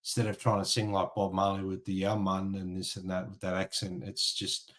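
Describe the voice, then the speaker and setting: A man's voice: low voice, flat delivery, fairly quick, a bit bright. A man co-hosting a casual album review chat, frank and a little hesitant. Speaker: co-host.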